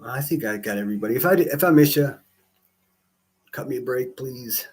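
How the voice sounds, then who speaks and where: Pittsburgh-male livestreamer, mid-pitched, loose and profane, rambling chat with jokey asides. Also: expressive, fairly quick, darkish tone, breathy edge.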